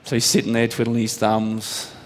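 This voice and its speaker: A man preaching a sermon, telling stories and letting his voice climb high on emphatic points. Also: completely flat delivery, moderate pace, a little hiss or hum. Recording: long hall reverb.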